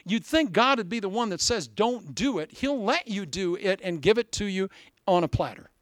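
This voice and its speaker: A man's voice: high-pitched, moderate pace, no echo, studio quality. A male preacher from Iowa delivering a sermon, telling stories animatedly and acting out voices. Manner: animated storytelling, acts out voices and laughs.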